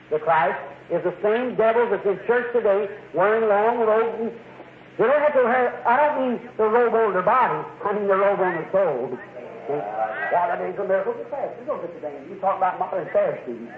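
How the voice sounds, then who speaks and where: A man preaching to a congregation in a high, keen voice, folksy and emphatic, pressing his points home with a quick "See?". The sound is thin and tinny like an old tape. It rings with the echo of a big room. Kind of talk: sermon. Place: church.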